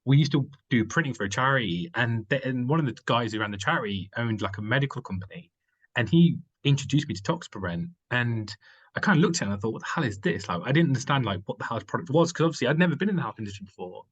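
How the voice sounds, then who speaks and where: A man's voice: mid-range voice, lively intonation, fast, slightly rough, lo-fi sound. A man from the United Kingdom, a company founder who is a guest, telling his story in casual conversation, rambling with many fillers and restarts.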